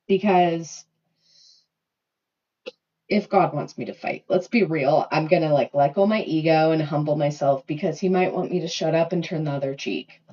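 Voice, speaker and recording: A woman's voice: low-pitched, normal speed, warm tone. A woman, a mother, venting on a casual livestream, heated and swearing, rambling with lots of fillers. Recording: dull lo-fi phone audio.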